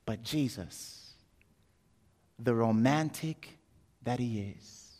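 A man preaching a sermon, telling a story that swings from loud, joking asides to hushed intensity. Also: mid-range voice. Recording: long hall reverb.

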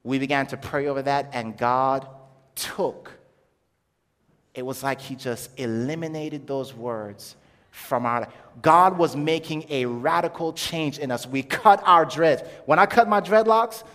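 A young adult man giving an animated testimony sermon as a preacher, acting out quoted voices as he tells his story. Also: medium pitch, unhurried. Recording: long hall reverb.

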